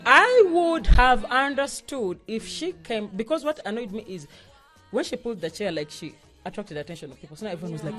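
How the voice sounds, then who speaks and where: Young woman, lively storyteller. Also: medium pitch, fast, faint music behind. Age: young adult. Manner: lively, laughing, acts out quoted people. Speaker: podcast co-host. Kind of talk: casual storytelling chat.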